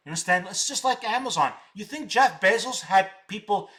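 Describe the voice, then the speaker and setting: A man's voice: sits high, lively intonation, fairly quick, sharp tone. A middle-aged man hosting a live stock-trading stream, boasting and combative, repeating words for emphasis.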